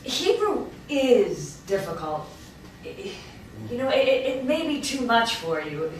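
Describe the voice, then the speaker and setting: A woman in her forties reading the role of a calm, instructive Hebrew teacher in a virtual play reading, over an echoey, distant video call. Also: a little high, measured pace, slight background noise. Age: 40s.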